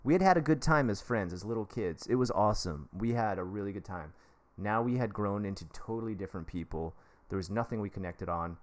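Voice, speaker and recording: A man in his thirties hosting a live stream, chatting casually as he gives advice and breaks off excitedly to thank donors. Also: on the low side. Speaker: livestream host giving advice.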